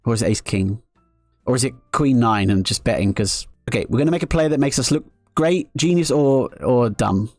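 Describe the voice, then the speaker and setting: A man's voice: medium pitch, brisk, a little mellow, no room sound, soft background music. A man commentating his own live poker play on stream, joking sarcastically at his own expense between strategy talk. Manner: self-mocking, sarcastic joking.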